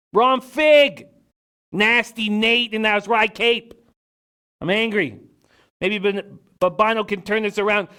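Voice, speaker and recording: A man with a high, smooth, crisp voice hosts a live sports betting show. He rattles off viewers' names and picks with animated, mock-angry energy. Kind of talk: live-stream betting chat.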